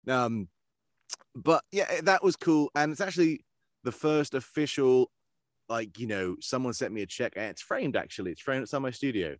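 A man who works as a voice actor, chatting casually in an interview and telling animated stories. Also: medium pitch, normal speed, no room sound, clean studio sound. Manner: animated storyteller who slips into character voices. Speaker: voice actor guest.

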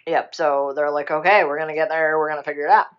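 Woman, casual chat, rambling and animated, slips into character voices, swears, dull lo-fi sound. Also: deep voice, fast talker. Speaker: podcast co-host retelling a film.

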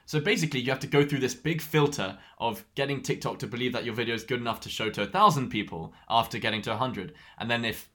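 A man telling a story in casual podcast chat, animated and laughing often. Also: medium pitch, quick pace, few pauses. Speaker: podcast co-host.

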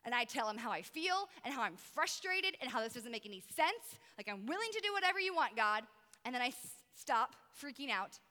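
A woman youth pastor giving a lively, conversational sermon with emphatic pauses. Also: high voice, big-room sound.

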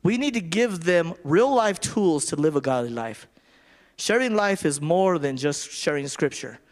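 With a slightly high, expressive voice, the preacher talks at a measured pace. He gives his sermon conversationally, frequently restarting and repeating what he says.

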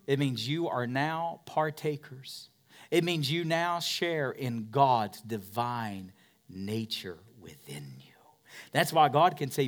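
A man preaching a sermon as pastor of a church, dropping to whispers and rising to loud peaks. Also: fairly high pitch. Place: church in a converted warehouse.

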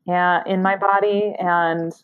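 A woman's voice: fairly low pitch, flat delivery, slow, smooth, phone-quality sound. A woman psychotherapist, a podcast guest, thoughtfully answering an interview question and searching for her words.

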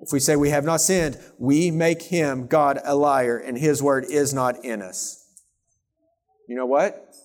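Male preacher, slightly high voice, fervent sermon that swings from loud to hushed. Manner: passionate, swings from loud scripture reading to hushed intensity.

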